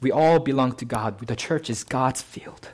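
A man preaching a sermon in a plain, conversational tone, often checking in with his listeners. His voice sits in a middle pitch, and he lifts it and slows down on the phrases he wants to stress. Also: a little mellow. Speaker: pastor.

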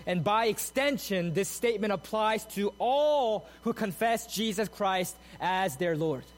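High-voiced man preaching a sermon. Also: unhurried, rough recording. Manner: emphatic, builds to soaring repeated phrases; explains the text in a steady teaching tone. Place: church sanctuary.

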